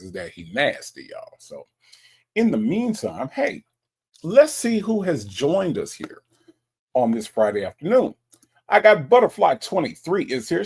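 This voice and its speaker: A man's voice: medium pitch, vocal fry, a little mellow, husky. A man hosting a casual livestream and reading out viewer greetings in a chatty way. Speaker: livestream host.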